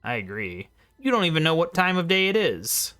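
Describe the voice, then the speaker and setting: Male let's-play host, muttered asides, lively pitch, faint game music. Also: normal speed. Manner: mumbles quiet asides, sometimes whispers. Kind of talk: casual gameplay commentary. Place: at home late at night.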